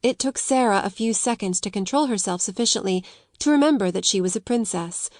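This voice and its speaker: A woman narrates a classic novel in a measured audiobook style. Her voice sits at a middle pitch. The recording is dry, with no room echo. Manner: measured storytelling. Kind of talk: scripted narration.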